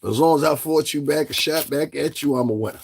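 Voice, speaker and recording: Gravelly, husky man ranting on camera. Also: on the high side, fast talker. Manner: animated, taunting rhetorical questions; addresses listeners directly. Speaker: commentary vlogger. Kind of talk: casual commentary monologue.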